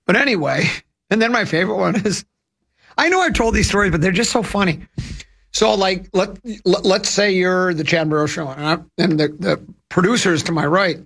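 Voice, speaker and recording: A man's voice: sits high, brisk, vocal fry, fairly bright tone. A man hosting a radio talk show, telling rambling, chatty anecdotes into a studio microphone. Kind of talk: casual radio storytelling.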